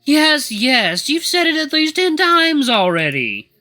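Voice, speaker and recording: A grumpy, bullying male wolf elder, put on by a storytelling man, his voice pushed high and strained. He snaps with impatience, his tone bright and hard. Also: big pitch swings, slow pace, soft background music, full character voice. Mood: snappish. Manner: snappish, impatient.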